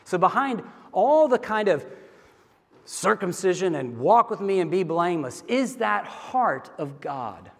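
A man's voice: high-pitched, big pitch swings, a little slow, gravelly, big-room sound. A man from the American South preaching a sermon in a casual, storytelling way, talking directly to his congregation. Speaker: pastor. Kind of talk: conversational sermon.

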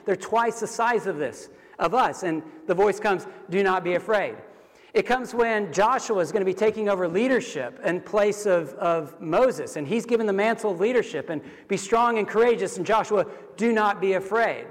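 A man's voice: high-pitched, lively intonation, moderate pace. A man preaching a sermon in a conversational, explanatory way, with casual "like" asides, sometimes acting out the voices in a dialogue. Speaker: pastor. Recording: long hall reverb.

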